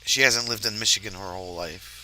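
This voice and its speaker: A man's voice: lowish voice, fast, sharp tone, slight background noise. A man from near New York, hosting a casual livestream chat, laughing often and trailing off mid-sentence. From New Jersey, near New York. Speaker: livestream host. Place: RV campground, livestream.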